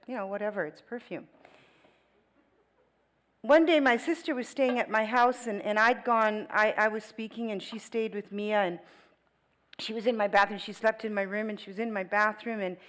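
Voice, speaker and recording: A middle-aged woman, a guest speaker at a church, telling a personal story in a lively way, with laughs and voiced quotes. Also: medium pitch, low-quality recording.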